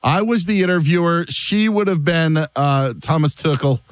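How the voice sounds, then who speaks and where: A man hosting a sports radio show, talking in a casual, animated way and laughing often. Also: a little high, normal speed, no room sound.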